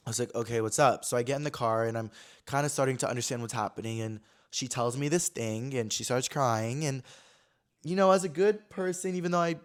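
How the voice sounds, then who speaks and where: A man in his twenties from Connecticut, hosting a podcast and telling a personal story in a candid, chatty way, often saying "like". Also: mid-range voice. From Connecticut, USA. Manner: candid, chatty, heavy use of "like". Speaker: podcast host. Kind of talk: casual storytelling chat.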